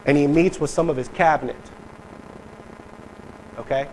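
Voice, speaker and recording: Emphatic preacher man, slightly high voice. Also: normal speed, a little mellow, slight background noise, poor audio. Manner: conversational, emphatic, mock voices for politicians. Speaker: pastor. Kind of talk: sermon. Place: church sanctuary.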